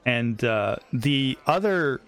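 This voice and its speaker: Slow-talking male game master. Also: medium pitch, animated, a bit bright, clear, resonant tone. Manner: slow, loose narration with fillers. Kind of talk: narrating a tabletop game.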